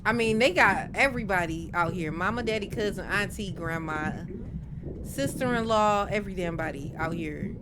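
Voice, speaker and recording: A woman's voice: mid-range voice, moderate pace, background noise. A woman streaming a game live, chatting casually with her viewers and swearing now and then. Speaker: gaming streamer. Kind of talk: live gameplay commentary. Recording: game music under voice. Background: game music.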